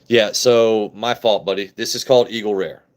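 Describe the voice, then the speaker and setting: A man's voice: on the low side, steady tone, normal speed. A man in his late thirties from Maryland, casually chatting and joking with viewers on a phone live stream, loose and profane. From Maryland, USA. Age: 30s.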